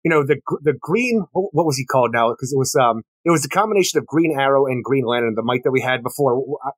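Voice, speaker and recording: Fast-talking husky comics podcast man. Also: mid-range voice, lively intonation, dry recording. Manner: fast, wry, argues back and recaps the plot. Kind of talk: casual chat.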